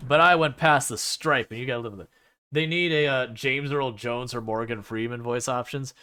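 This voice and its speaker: A man's voice: mid-range voice, normal speed, pushed and bright, clear, resonant tone. A man chatting casually to his chat while streaming a driving game, rambling with lots of fillers and playfully mocking the game.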